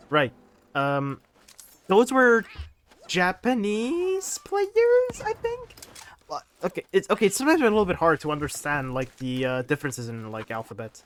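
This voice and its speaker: A man streaming a game live, chatting to viewers with frequent laughter and excitable outbursts. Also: fairly high pitch, moderate pace, slight background noise. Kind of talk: live gameplay commentary.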